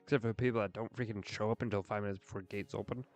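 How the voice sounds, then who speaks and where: A man's voice: lowish voice, steady tone, rapid-fire, a little mellow, soft background music. A young man streaming a game and talking in an earnest, rambling way, full of fillers. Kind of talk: casual rambling chat while gaming.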